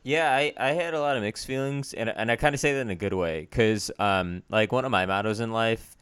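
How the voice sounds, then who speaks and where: A man's voice: on the low side, a little fast, a bit bright, clear, resonant tone. A man co-hosting a casual faith podcast, speaking in a candid, self-deprecating and earnest way. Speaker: podcast co-host.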